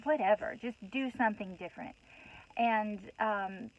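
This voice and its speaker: A woman's voice: mid-range voice, moderate pace, highs cut off. A woman giving a heartfelt spiritual talk to her viewers, earnest and rambling, with many restarts and "you know"s, emotional and a bit worked up. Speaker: host.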